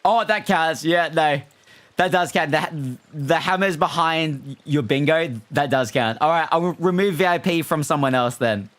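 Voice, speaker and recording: Chatty streamer dude, bit higher voice, bouncy and animated, talking to chat. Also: male voice, normal speed. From not American. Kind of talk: casual livestream chat with viewers.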